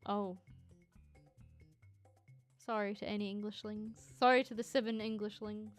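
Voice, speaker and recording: A Scottish woman streamer chatting casually and reading viewer comments, excitable and teasing, swearing freely. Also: mid-range voice, measured pace, soft background music.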